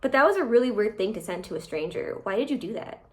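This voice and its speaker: A woman reading online posts aloud and reacting to them in casual, animated commentary as a channel host. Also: a little high, fast talker.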